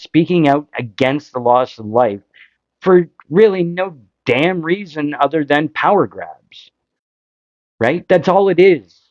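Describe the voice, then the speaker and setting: A Canadian man hosts a casual political talk show, frustrated and impassioned, firing off rhetorical questions. He speaks slowly at a medium pitch. The recording is dry and a little dull. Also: no echo. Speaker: podcast host.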